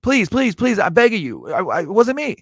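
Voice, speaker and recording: A man's voice: sits high, sing-song, a little fast, gravelly, no room sound, studio quality, voice pushed up, heavily acted. A man voicing a desperate, wrongly jailed man who pleads that he is innocent. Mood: pleading. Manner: pleading, begging.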